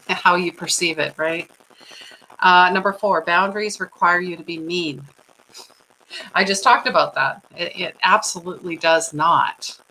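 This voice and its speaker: Middle-aged lady host, chatty, laughs a lot, bright sharp voice, lowish pitch. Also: measured pace, pauses often, slight background noise, poor audio. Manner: chatty, animated, laughs often, says "right?" a lot. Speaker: host of a livestream on personal growth. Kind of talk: casual talk to viewers, reading comments.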